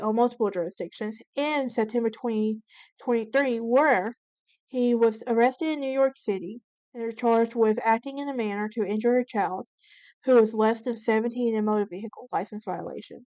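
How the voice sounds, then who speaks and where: A woman's voice: on the high side, no room sound. A woman hosting a true crime channel, narrating a case from her notes with frequent restarts and self-corrections. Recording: dull lo-fi, dry recording.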